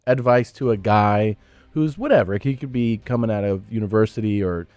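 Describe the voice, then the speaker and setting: A man's voice: fairly low pitch, moderate pace, darkish tone, no room sound. A man asking a casual, slightly hesitant interview question.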